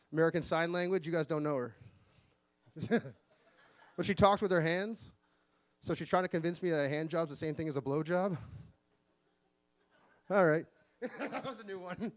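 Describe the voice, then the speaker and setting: A man in his forties doing an open-mic stand-up set, delivering deadpan one-liners with sudden pitch jumps on the punchlines. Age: 40s. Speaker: stand-up comedian. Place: live comedy venue.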